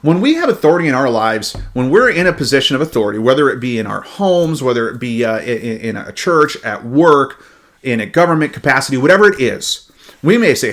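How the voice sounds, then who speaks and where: A man giving a devotional Bible talk in an animated way, often repeating words as he starts a thought. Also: a little high, quick pace. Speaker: Bible teacher.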